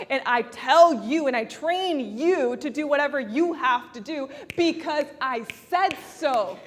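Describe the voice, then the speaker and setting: A woman counselor giving an earnest, persuasive talk to a live audience, laughing often as she makes her points. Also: high-pitched. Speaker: family counselor speaking at a conference. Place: event venue before an audience. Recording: long reverb in a large hall.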